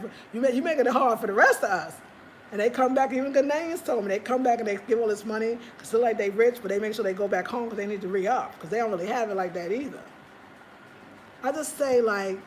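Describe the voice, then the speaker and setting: A woman's voice: a little high, slight background noise. A woman vlogging in casual chat, rambling and emphatic. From United States.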